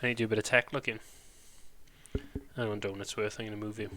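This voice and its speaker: A man's voice: lowish voice, level tone, fast, bright, forceful tone, slight background noise. A man with a Welsh accent, chatting casually and rambling on a live stream, full of British slang.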